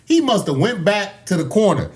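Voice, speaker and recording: A man telling a boxing story on a podcast, acting out the voices of people in it with shouts and laughs. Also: very animated, normal speed. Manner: acts out quotes with big pitch jumps, laughs and shouts. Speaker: boxer, podcast guest. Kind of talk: animated storytelling.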